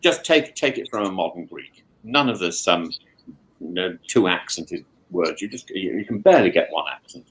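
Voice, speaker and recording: A man hosting a casual chat, talking with many restarts and repeated words and animated asides. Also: deep voice, moderate pace, rough recording. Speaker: podcast host, professor. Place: home in lockdown.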